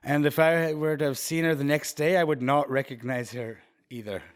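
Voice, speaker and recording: A young man co-hosting a casual chat show, telling a story with lively voices for the people in it. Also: a little high, normal speed. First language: Swiss. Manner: animated storyteller, acts out quoted voices. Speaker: podcast co-host.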